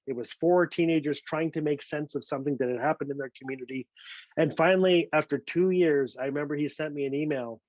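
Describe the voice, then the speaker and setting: Animated man telling a story, dull dry sound. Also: fairly high pitch, quick pace, no echo. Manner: animated, acts out other people's voices in quotes. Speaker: invited author telling a story. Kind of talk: storytelling talk.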